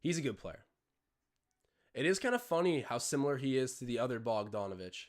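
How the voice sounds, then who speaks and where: A man's voice: mid-range voice, big pitch swings, fairly quick. A young Canadian man hosting a live watch-along stream, mixing casual play-by-play with rambling chatty tangents.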